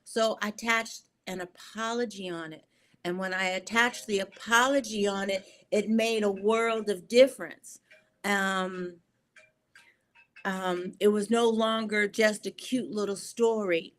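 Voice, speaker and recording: Woman, interview guest, earnest, emotional, halting with fillers, mid pitch. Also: fairly even intonation, fairly bright tone. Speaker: guest, poet and filmmaker. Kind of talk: storytelling interview talk.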